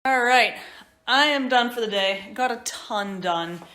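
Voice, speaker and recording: A woman's voice: on the high side, unhurried, bright, forceful tone, reverberant. A woman woodworker talking casually in a chatty, upbeat vlog diary from her workshop. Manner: chatty, upbeat, rambling asides. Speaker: woodworker vlogger. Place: woodworking shop.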